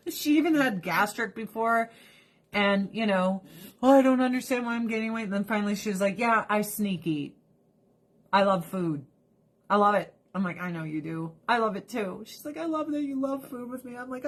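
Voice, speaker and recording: A middle-aged woman talking casually to her viewers, telling a story about her best friend in a blunt, profane way and quoting her friend's lines. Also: fairly low pitch. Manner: quotes friend with shifting voice. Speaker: vlogger. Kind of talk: casual chat to camera.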